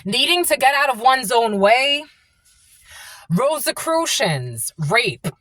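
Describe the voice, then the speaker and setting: A woman's voice: sits high, sing-song, slow, a bit bright, no echo. A woman giving a casual psychic reading to her viewers, rambling and full of "like" and "uh" fillers. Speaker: spiritual channeler.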